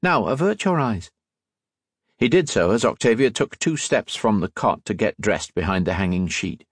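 A man narrating an audiobook in an expressive storytelling manner. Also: on the low side, moderate pace, slightly rough, no echo, studio quality. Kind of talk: scripted narration.

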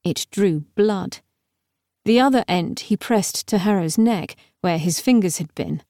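A woman narrates a novel in a measured, expressive manner. Her voice sits in a middle register. The recording is close and completely dry. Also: mid-range voice, dry recording. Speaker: audiobook narrator. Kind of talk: scripted narration.

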